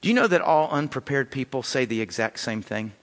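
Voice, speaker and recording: A male pastor preaching a sermon emphatically, repeating his words and swinging between loud appeals and hushed lines. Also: medium pitch, lively intonation, a little fast. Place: church sanctuary. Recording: long reverb of a church hall.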